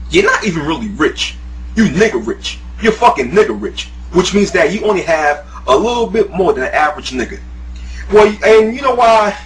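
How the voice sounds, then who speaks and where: A man talks straight to the camera in a heated, profanity-heavy rant. His voice sits a little high and swings wildly in pitch, and his mocking tone keeps breaking into laughter. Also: a bit bright, slight background noise, rough recording. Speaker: YouTuber, guest. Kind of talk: profane ranting monologue.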